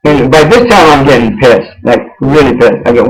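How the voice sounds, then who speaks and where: A man hosting a radio show, telling a personal story in a rambling, halting way, repeating and restarting phrases. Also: medium pitch, very animated, low-quality recording. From United States. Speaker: host.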